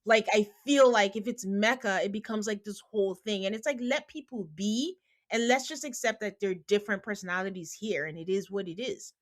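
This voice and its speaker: A woman's voice: mid-range voice, fairly quick. A woman hosting a podcast, recapping a reality show in casual chat and acting out the people she quotes. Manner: animated, quotes people in put-on voices; calls listeners "guys". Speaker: podcast host.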